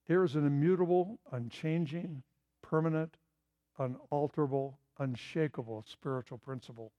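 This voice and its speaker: A man's voice: medium pitch, fairly even intonation, fairly quick, mellow. A middle-aged man preaching a sermon in an earnest, emphatic way, driving points home through repetition. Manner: earnest, emphatic, repeats key phrases.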